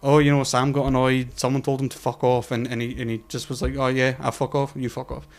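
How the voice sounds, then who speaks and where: A man's voice: medium pitch, little pitch movement, brisk. Man, podcast co-host, casual chat, sweary storyteller, acts out quotes.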